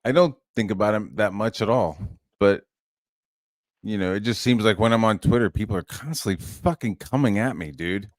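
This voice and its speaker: A man with a fairly low voice hosts a casual podcast conversation. He rambles, swears freely and sounds frustrated. The recording is dry and close. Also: normal speed, no echo. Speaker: channel host.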